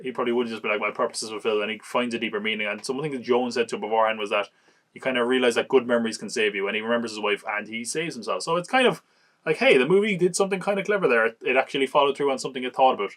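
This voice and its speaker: A man's voice: medium pitch, a bit bright. Chatty amused man reviewing a movie. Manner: chatty, amused, recaps scenes with quick acted quotes. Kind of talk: casual movie review chat.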